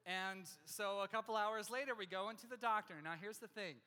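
Guy preaching with a funny personal story, high bright voice, long echo like a big hall. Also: brisk. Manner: animated, self-mocking humor, acts out other people's lines. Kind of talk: sermon storytelling.

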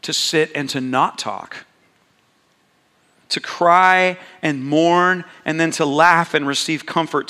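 A man preaching a sermon as pastor, slow and intimate, repeating words for emphasis. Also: on the high side, bright, forceful tone. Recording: long hall reverb.

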